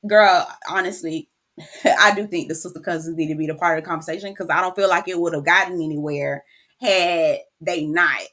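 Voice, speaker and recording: A woman giving casual, expressive commentary recapping a reality TV episode, talking to the viewer like a close friend. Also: fairly low pitch. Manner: chatty, expressive, keeps calling the viewer "girl"; emotional, near tears at moments.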